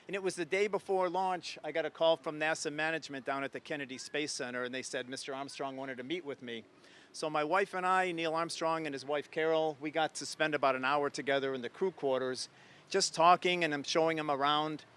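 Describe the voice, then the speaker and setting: A man in his sixties from Ohio, a guest on a live interview, telling a story with animated enthusiasm. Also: on the high side, fairly quick, clear, resonant tone. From Ohio, USA. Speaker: guest, former astronaut.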